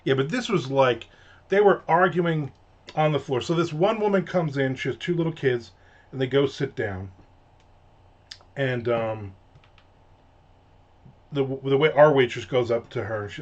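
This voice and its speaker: A man telling a casual, exasperated story with animated voices and free swearing. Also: mid-range voice, moderate pace, long pauses, dull audio. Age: adult.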